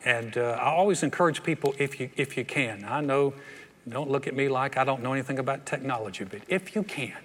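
A man's voice: mid-range voice, fairly quick, a bit bright, husky, big-room sound. An older man, a pastor preaching a sermon in a folksy, conversational way with playful asides. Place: church hall.

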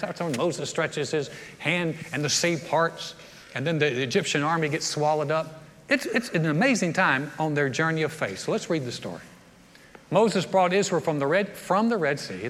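A man's voice: on the high side, fairly bright tone. A man preaching a sermon as a pastor, telling stories in a folksy way and acting out the voices of the people in them. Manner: folksy storytelling with acted-out voices. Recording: long hall reverb.

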